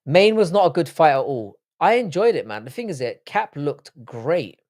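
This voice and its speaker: A man's voice: fairly high pitch, big pitch swings, normal speed, a little mellow, no room sound, clean studio sound. A young man hosting a live-stream panel, talking in casual, blunt and profane banter. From United Kingdom. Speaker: livestream panel host.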